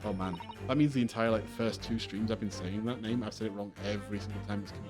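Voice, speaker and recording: A man's voice: lowish voice, fairly even intonation, fast. A man streaming a game, thinking aloud and poking fun at himself in a casual, chatty way. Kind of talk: game playthrough with commentary. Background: game music.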